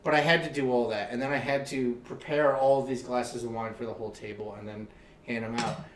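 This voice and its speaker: A man's voice: medium pitch, steady tone, a little fast, reverberant, recorded from a distance. Profane storytelling male host. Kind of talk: casual interview chat.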